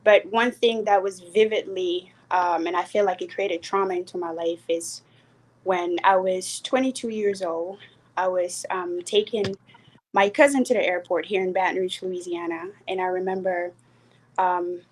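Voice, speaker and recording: A young woman from South Sudan with a South Sudanese accent, earnestly telling a personal story with hesitant pauses and fillers. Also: on the low side, steady tone. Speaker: panel speaker.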